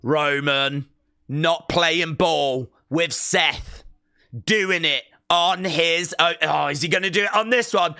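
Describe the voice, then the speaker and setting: A man hosts a live reaction stream with a bright, forward voice. He lingers over his words and repeats his points, then bursts into shouts at the big moments. The sound is dry and close. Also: a little high, unhurried, no room sound. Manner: excitable, shouts counts and moves, repeats himself. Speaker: live-stream watch-along host. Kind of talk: excited live reaction commentary.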